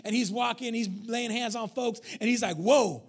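A male pastor delivers a sermon in church with emphasis, cracking jokes with the congregation and swinging from shouting to near-whispers. His voice is very high and his delivery flat, at a slightly quick pace.

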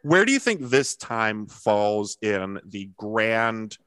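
A man's voice: lowish voice, sing-song, slow, fairly bright tone, smooth, no room sound. A man hosting a podcast, asking questions in an easygoing, chatty way full of "like" and "you know". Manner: easygoing, questioning, filler-heavy. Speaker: podcast host. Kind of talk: casual podcast chat.

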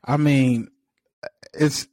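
A man's voice: medium pitch, fairly even intonation, very slow, a little mellow, dry recording. A man from California co-hosting a podcast, talking in a frustrated, conversational way and laughing often. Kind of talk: casual chat.

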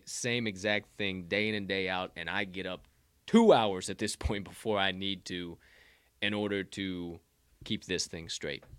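A man hosting a podcast, giving a loud, profanity-laced motivational rant that swings between shouting and low, intense tones. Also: smooth, no room sound. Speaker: podcast host.

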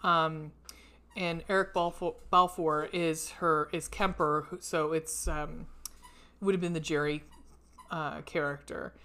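Young woman co-host with a lowish voice; loose, rambling film-review chat full of fillers. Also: steady tone, measured pace, fairly bright tone. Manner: rambling, frequent fillers, swears casually. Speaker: podcast co-host.

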